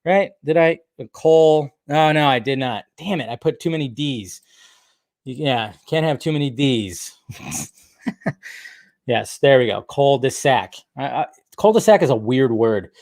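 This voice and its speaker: A man's voice: mid-range voice, animated, measured pace, a little mellow, dry recording, studio quality. A man hosting a movie news channel, talking in a loose, rambling way with lots of fillers and casual swearing. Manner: loose and chatty, swears freely, full of fillers like "like" and "uh".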